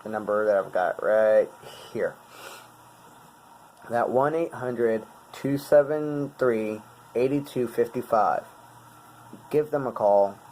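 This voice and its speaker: Young guy vlogging, earnest n kinda halting, normal mid voice, little bit of background hiss. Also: medium pitch, darkish tone, low-quality recording. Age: 20s. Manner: earnest, halting, searching for words. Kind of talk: casual talk explaining song lyrics.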